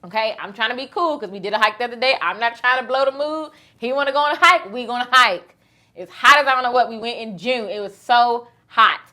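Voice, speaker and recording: A woman in her thirties hosts a relaxed conversation, spinning a story with lively, teasing energy. Her voice is bright and sits a little high. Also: quick pace. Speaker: host. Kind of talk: casual chat.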